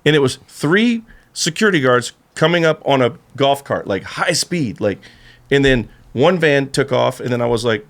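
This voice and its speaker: Lively gravelly-voiced man telling a story. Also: medium pitch, normal speed. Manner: animated storyteller, acts out voices, laughs through. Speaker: podcast guest, skateboarder. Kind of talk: casual storytelling chat.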